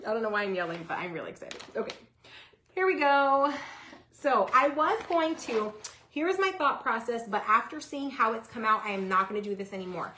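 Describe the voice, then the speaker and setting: A woman hosting a live DIY craft stream, chatting with viewers, greeting them by name, and breaking into excited yelling. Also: fairly high pitch, moderate pace, slight background noise.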